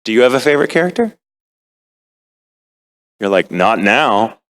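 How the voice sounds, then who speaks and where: A man's voice: medium pitch, very animated, normal speed. A middle-aged American man, a voice actor, chatting with fans on a convention panel in a rambling, self-deprecating way, with playful quoted asides. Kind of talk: casual panel talk to fans.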